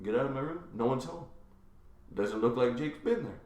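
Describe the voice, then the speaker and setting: A man hosting a casual podcast, telling animated stories and acting out quotes in a low mumble. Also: moderate pace, echoey room. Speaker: podcast host.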